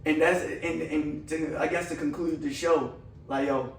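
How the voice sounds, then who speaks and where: A man co-hosting a casual talk, telling stories in a lively, slangy way. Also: a little high, unhurried, a little hiss or hum. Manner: lively storyteller, slangy, laughs often. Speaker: podcast co-host. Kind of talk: casual chat, storytelling. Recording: roomy, distant from mic.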